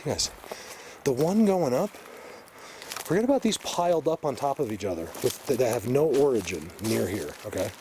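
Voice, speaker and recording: A man vlogging while hiking through a forest, excitedly pointing things out to his viewers in casual walk-and-talk. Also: medium pitch, normal speed, slight background noise. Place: forest outdoors, hiking uphill.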